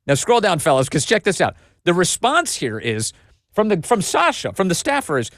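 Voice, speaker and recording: A man's voice: fairly high pitch, huge pitch swings, normal speed, a bit bright, no echo, studio quality. A man hosting a casual political commentary show, reading documents aloud with a mocking, incredulous tone.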